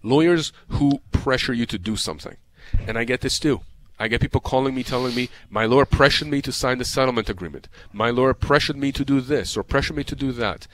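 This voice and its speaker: Man of mid pitch, a lawyer giving emphatic, heated advice with repeated words. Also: quick pace, few pauses, slight background noise. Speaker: personal injury lawyer as guest. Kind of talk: radio call-in advice talk.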